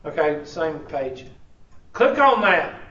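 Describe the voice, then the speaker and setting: A man teaches a college class in a slightly high, sing-song voice with a sharp tone and slow pace, joking around casually and drawling "y'all." The classroom audio is recorded from a distance, sounding echoey and dull, with slight background noise.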